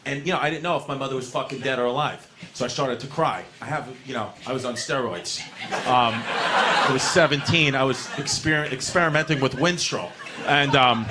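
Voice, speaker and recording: A man's voice: mid-range voice, noisy background. A man, telling a rambling, profane stand-up story to a club audience. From New York City. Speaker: stand-up comedian.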